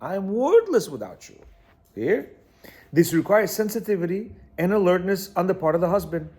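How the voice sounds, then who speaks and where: A man's voice: high voice, big pitch swings, moderate pace, a little mellow. A man teaching a class, reading from a text and explaining it, repeating phrases and checking in with his listeners.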